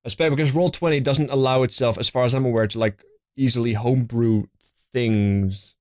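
A man's voice: mid-range voice, fairly even intonation, brisk, darkish tone. A young man running a tabletop game, chatting casually on a live stream and rambling through fillers and restarts. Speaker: game master. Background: faint fantasy music.

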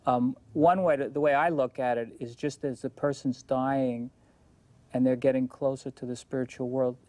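Interviewee, male; dark mellow timbre, dry close sound, measured and thoughtful. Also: medium pitch, no echo. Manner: calm, measured reasoning.

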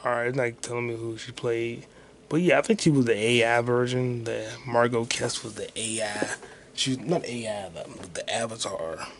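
Gravelly, profane podcast man. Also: mid-range voice, steady tone, normal speed, a little hiss or hum. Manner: profane, thinking aloud while searching online. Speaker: podcast host. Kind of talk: casual solo podcast rambling.

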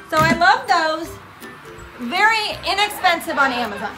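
A woman's voice: very high voice, expressive, moderate pace, poor audio. A middle-aged woman giving a casual show-and-tell vlog about bird toys and perches, chatty and cooing baby talk to her parrots. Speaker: parrot rescue founder and vlogger. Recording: background music.

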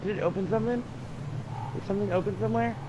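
A man's voice: high voice, steady tone, very fast, muffled recording. Jumpy young man on noisy chat. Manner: jittery, profane, teasing. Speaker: co-op gaming partner. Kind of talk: casual gameplay banter.

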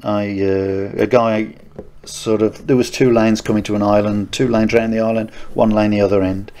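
A middle-aged man co-hosts a podcast, casually telling anecdotes with many restarts and laughs. His voice is fairly low and darkish, level in tone, at normal speed.

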